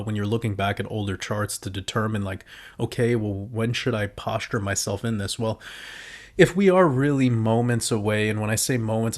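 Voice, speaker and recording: A man with a lowish voice walks through price charts in loose, unscripted commentary. He swears freely and breaks into excited outbursts as he talks. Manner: casual and profane, with excited outbursts. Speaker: crypto market commentator. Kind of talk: casual chart analysis commentary.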